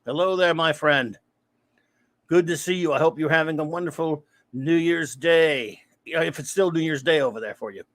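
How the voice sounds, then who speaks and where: A man's voice: fairly high pitch, moderate pace, no room sound. Man, livestream host, rambling casual chat, greets viewers by name, dry close sound. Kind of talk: casual live-stream chat, reading chat aloud.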